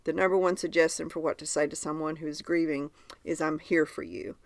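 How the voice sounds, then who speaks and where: A woman's voice: sits low, steady tone, fairly quick, creaky, dry recording. A woman hosting a podcast, telling stories in a chatty way and steering the conversation. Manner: chatty storyteller, leads the segment. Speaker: podcast host. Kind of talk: casual chat.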